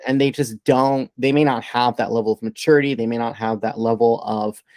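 A man speaking as a panelist, talking briskly and citing survey figures. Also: mid-range voice, fairly even intonation, darkish tone, no room sound. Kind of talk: online panel discussion.

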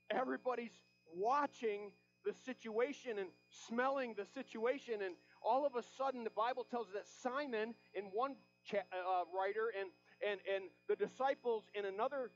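A man delivers an impassioned sermon, acting out Bible scenes in quoted voices. His voice sits high, and the recording is dull and lo-fi, with soft music underneath. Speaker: pastor.

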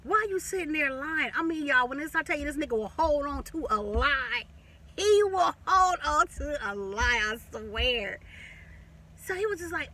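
A woman spins a personal story in loose, animated casual talk, repeating phrases and cursing freely. Her voice is bright. She sits a little back from the mic, with faint traffic noise behind. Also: high-pitched, normal speed, recorded from a distance. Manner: animated, repetitive, profane, laughing storyteller. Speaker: vlogger.

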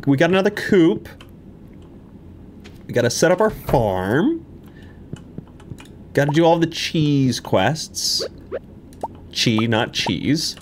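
A man's voice: a little high, big pitch swings, slow, pauses often, slight background noise. A man giving live let's-play commentary, playful and full of silly sound-effect noises while he chats to the game characters. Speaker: gaming video creator. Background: game background music.

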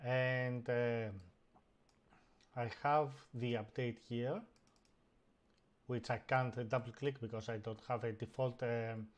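A man hosting a casual live stream, narrating each step of a computer task as he does it. He speaks slowly at a middle pitch and stops often to search for words. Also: little pitch movement. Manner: hesitant, many fillers and restarts while operating the computer.

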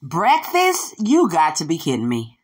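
A woman's voice: deep voice, wildly swooping pitch, a little slow, husky. A woman giving blunt reaction commentary on a story, heard from a distance.

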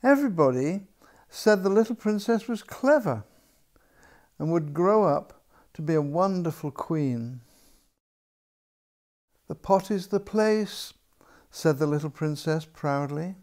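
An older man, an author reading his own picture book aloud in a gentle, unhurried storybook manner. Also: on the high side, animated.

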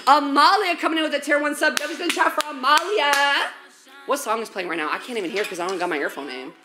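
Sassy high-voiced woman streaming while cooking. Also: expressive, fast talker, noisy background. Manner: sassy, chatty, swears a lot, calls viewers baby and girl. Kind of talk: casual live-stream chat while cooking. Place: home kitchen. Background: faint music.

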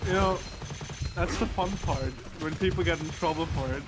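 A man's voice: a little high, normal speed, noisy background. A man talking over voice chat with a streamer, ribbing him with dry, needling banter. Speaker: friend on voice chat. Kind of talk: casual gaming chat. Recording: loud game music over voice chat. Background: loud game music and gunfire.

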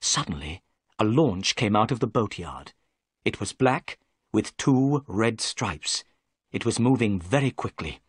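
Man, story narrator, measured clear reading, expressive pitch, dry sound. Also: no room sound. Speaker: story reader. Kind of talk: graded-reader narration for English learners.

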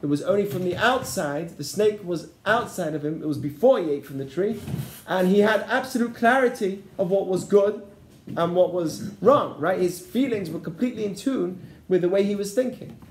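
A rabbi with a high voice leads a lesson. He keeps checking whether the class is following him, and his voice echoes around a roomy space. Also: expressive, normal speed. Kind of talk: interactive Torah lesson. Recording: echoey room.

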